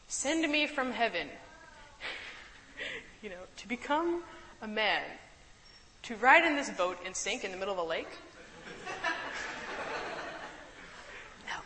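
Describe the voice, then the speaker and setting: Brief: friendly woman Bible teacher, chatty and amused, bright tone in a reverberant room. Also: medium pitch, a little hiss or hum. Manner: chatty, laughs easily, keeps asking "right?".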